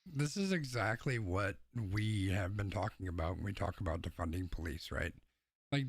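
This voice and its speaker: A man's voice: on the low side, no echo. A man co-hosting a podcast, giving blunt, opinionated takes in casual discussion, sometimes swearing. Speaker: podcast co-host.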